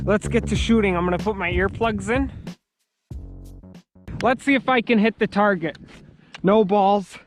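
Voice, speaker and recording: A man's voice: high voice, measured pace, long pauses, soft background music. A young man hunting outdoors in the cold and filming a casual vlog, goofy and crude, talking to himself and to the camera. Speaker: YouTube hunting vlogger.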